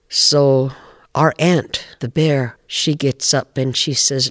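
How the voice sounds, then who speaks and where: A man from the Pacific Northwest telling a traditional animal folk tale in a measured, animated way. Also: medium pitch, no echo, studio quality. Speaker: storyteller. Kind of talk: oral folk storytelling.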